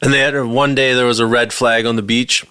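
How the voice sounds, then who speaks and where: A man's voice: medium pitch, little pitch movement, fairly quick, pushed and bright, clean tone, no room sound, studio quality. A man co-hosting a podcast, laid-back and blunt, swearing often. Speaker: podcast co-host. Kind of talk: casual chat.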